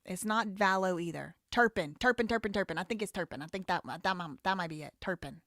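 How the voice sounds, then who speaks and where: A woman's voice: mid-range voice, fast, a bit bright, no room sound, studio quality. A woman hosting a live commentary show, talking in a heated, blunt and profane way. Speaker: show host.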